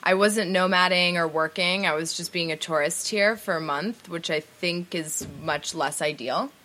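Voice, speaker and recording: Chatty bright-voiced woman guest. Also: lowish voice, moderate pace, a little hiss or hum. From New York. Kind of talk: casual interview chat.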